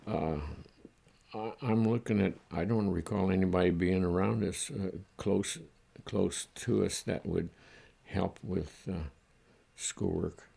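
An older man from the United States, reflecting in a halting, chuckling way during an oral history interview. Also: sits low, vocal fry, dark tone, slightly rough. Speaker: interviewee recalling his childhood.

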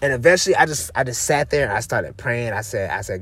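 A man's voice: medium pitch, animated, a little fast, bright, forceful tone, slightly rough, dry recording. A man hosting a podcast, telling a long story in a casual, rambling and profane way with many restarts. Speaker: podcast host.

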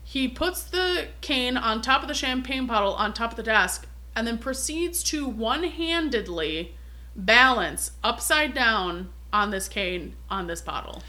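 A woman's voice: a little high, lively intonation, a little slow, pushed and bright. A woman co-hosting a podcast, casually retelling a film's plot, swearing freely and acting out the characters' lines. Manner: swears freely, acts out quotes. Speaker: podcast co-host. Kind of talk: casual chat retelling a film.

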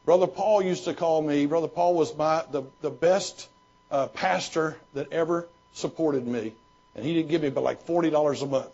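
A pastor who was once a missionary answers questions through folksy storytelling with many restarts. His voice is fairly high with a darkish tone and a moderate pace, captured on a dull lo-fi recording.

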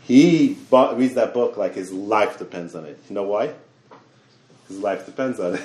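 A man teaching a Torah class in an animated way, repeating words and talking in quick bursts. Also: fairly low pitch. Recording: echoey room.

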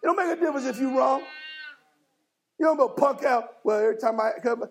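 Gravelly high-voiced preaching bishop. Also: male voice, a little fast, rough recording. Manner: fiery call-and-response preaching, rising to shouts. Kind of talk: sermon. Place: church sanctuary.

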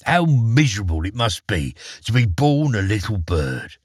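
A pompous, learned mole from a storybook who sneers at little birds, his voice husky and his pitch swinging widely, as a man reads him aloud. The sound is dry and close. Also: very animated, moderate pace, no echo. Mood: disdainful. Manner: pompous, disdainful. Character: rich, learned, cold-hearted male mole.

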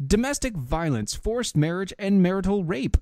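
A man co-hosting a casual commentary show, sarcastic and quick to interject, at times reading lists aloud. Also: sits high, sing-song, a little mellow, no room sound. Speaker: podcast co-host.

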